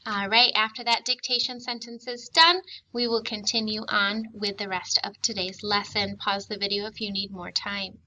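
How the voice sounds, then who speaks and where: A woman teacher giving a recorded spelling and grammar lesson, reading words and sentences slowly and clearly, patient and encouraging. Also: mid-range voice, little pitch movement, sharp tone, slight background noise, rough recording. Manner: slow, clearly enunciated dictation, patient and encouraging.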